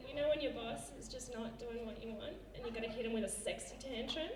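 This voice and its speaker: A woman's voice: fairly high pitch, fast. A woman burlesque performer doing a brash comic routine and coaching an audience member, recorded from afar in a large venue. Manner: bold, brash, comically instructing. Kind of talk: comic stage bit with audience. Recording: distant mic in an echoey hall with loud crowd.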